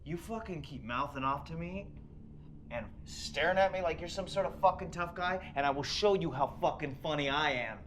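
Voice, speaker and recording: An actor playing a volatile, profane male home invader in film dialogue, swinging between low muttering and shouted threats. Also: moderate pace, slight background noise, natural voice. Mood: menacing.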